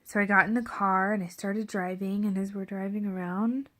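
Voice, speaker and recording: A candid pregnant young woman recounts a hard evening straight to camera in a relaxed, conversational way. Her voice sits at an ordinary middle pitch, and she often sinks into a soft, breathy near whisper before lifting back up. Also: normal speed. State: seven and a half months pregnant. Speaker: parenting vlogger. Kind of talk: casual storytelling to camera.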